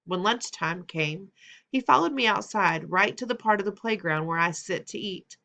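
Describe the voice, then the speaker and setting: A woman narrating a children's novel as an expressive audiobook reader. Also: medium pitch, normal speed, vocal fry.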